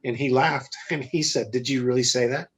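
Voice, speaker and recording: A male business guest with a husky, mid-range voice tells a personal story at a moderate pace during a casual interview. The entrepreneur is blunt and animated, acting out the dialogue with direct quotes.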